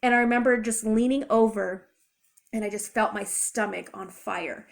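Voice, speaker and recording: A young adult woman retelling a personal story in a chatty, rambling, expressive way. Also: medium pitch, moderate pace, creaky. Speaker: vlogger. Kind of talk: casual storytime.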